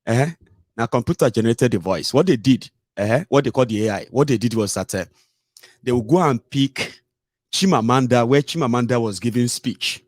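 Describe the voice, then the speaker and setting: A man's voice: medium pitch, animated, moderate pace, no room sound, clean studio sound. A Nigerian man hosting a casual livestream, chatty, mixing in pidgin and frequent "eh" and "omo". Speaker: host.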